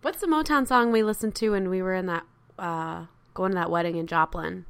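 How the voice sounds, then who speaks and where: A woman co-hosting a podcast, chatting casually and playfully about songs, quick to giggle. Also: fairly low pitch, vocal fry, clean tone. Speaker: podcast co-host. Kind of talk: casual chat about music.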